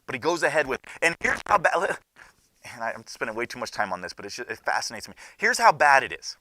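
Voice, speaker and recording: A young man teaching a Bible class, telling the story in an animated way and acting out the characters' lines. His voice is bright and fairly high, and it swings widely in pitch. The sound is dry and close. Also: quick pace, no echo.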